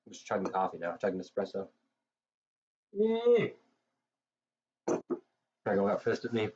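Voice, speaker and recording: A man's voice: deep voice, fairly even intonation, racing, a little mellow, husky. A man streaming live, chatting casually and profanely. He is tired and has a cold, and rambles with many fillers. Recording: dull lo-fi mic with faint noise.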